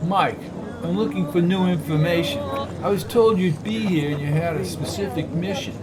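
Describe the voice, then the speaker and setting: A man's voice: high-pitched, moderate pace, a crowd in the background, close to an everyday voice. A man voicing a nervous young male doctor in his twenties with a thick New York accent. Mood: eager. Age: 20s. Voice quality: thick accent, eager, jittery.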